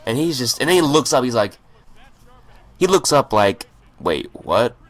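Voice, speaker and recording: A man's voice: medium pitch, lively intonation, normal speed, a bit bright. A man telling a story in a rambling, profane way over gameplay, stammering and restarting his sentences. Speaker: gaming channel host.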